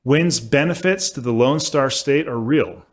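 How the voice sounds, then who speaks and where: Man delivering a measured lecture. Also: medium pitch. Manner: measured, emphatic delivery with occasional self-corrections. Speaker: law professor giving a lecture. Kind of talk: prepared lecture speech. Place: lecture hall at a symposium.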